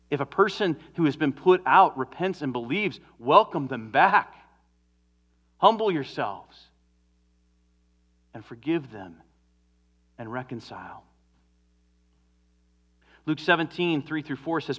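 A man preaching a sermon as a pastor, earnest, moving from emphatic stresses to hushed, drawn-out endings. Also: on the high side, expressive.

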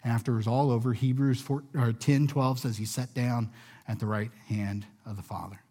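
A man preaches to listeners gathered in a room, speaking earnestly and deliberately in a mid-range voice with fairly even intonation. His phrases frequently trail off softly at the end.

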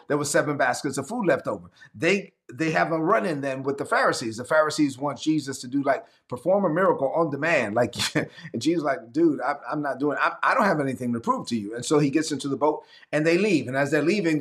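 Man preaching, kinda high voice, reads scripture, acts out the bible scenes, talks to the chat. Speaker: pastor. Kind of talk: sermon.

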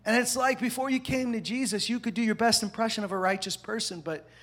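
A man preaching a sermon, animated, swinging between loud emphatic lines and hushed asides. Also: sits high, fast talker. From parents from the American South. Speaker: pastor.

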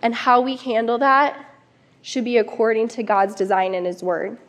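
A woman's voice: fairly high pitch, moderate pace. Earnest woman speaking at a camp devotional. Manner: earnest, conversational, encouraging. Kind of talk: devotional talk to camp counselors.

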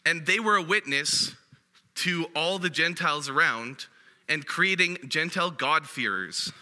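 Animated young-sounding male preacher, bright voice. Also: fairly high pitch, a little slow, long reverb tail. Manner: conversational, animated preaching with casual fillers. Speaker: guest preacher. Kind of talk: sermon. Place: church hall.

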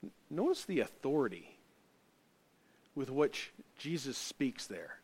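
A middle-aged man preaching a sermon as pastor, swinging between loud emphatic stresses and quiet, low asides. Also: sing-song, slow, breathy edge.

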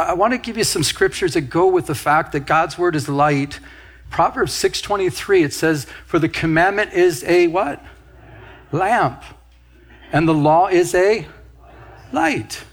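Husky-voiced pastor preaching a sermon. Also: male voice, on the high side. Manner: storytelling with quoted asides and laughter.

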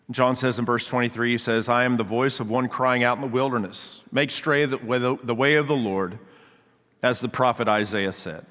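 Male pastor, mid-pitched, chatty sermon delivery, long room reverb. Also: brisk, a bit bright. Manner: conversational, explains scripture with asides.

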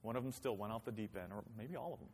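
A man's voice: fairly low pitch, fairly quick, slight background noise. A man pastor preaching a sermon in a conversational way, with rhetorical questions and acted-out quotes. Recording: long hall reverb.

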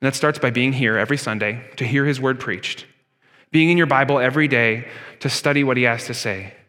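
A man's voice: mid-range voice, a little fast, pushed and bright, in a large hall. A man preaching a sermon as pastor, earnest and emphatic, driving his points home with rhetorical questions.

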